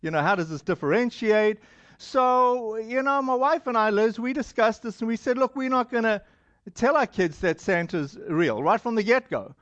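A man's voice: very high-pitched, moderate pace, a bit bright, no echo. A man with a non-American accent preaching a sermon to a congregation in a loose, rambling way, full of fillers and restarts. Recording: dull lo-fi sound.

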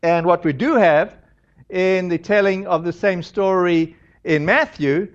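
High-voiced pastor, chatty sermon. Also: male voice, unhurried, muffled recording. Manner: casual and chatty, retelling a scripture passage with asides. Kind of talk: conversational sermon.

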